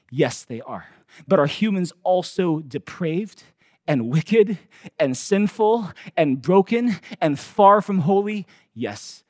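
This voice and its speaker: A male pastor preaching a sermon with emphatic swings from loud to hushed, acting out the voices he quotes. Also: sits high, dry recording, clean studio sound.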